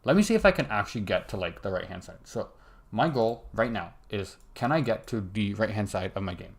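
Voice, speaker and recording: A young game developer mutters along while streaming his coding, cutting himself off mid-sentence in casual commentary, with keyboard typing and mouse clicks behind him. His voice is on the low side, with lively intonation and a slightly fast pace.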